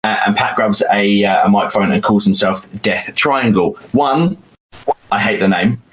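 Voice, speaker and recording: Animated British man, low voice. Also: normal speed, poor audio. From United Kingdom. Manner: animated, rambling with fillers. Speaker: podcast co-host. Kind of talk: casual chat.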